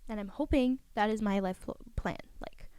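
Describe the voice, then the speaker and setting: A teenage girl hosting a casual podcast, chatty and teasing, with quick reactions. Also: medium pitch, mellow, clean tone. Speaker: podcast host. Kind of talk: casual chat.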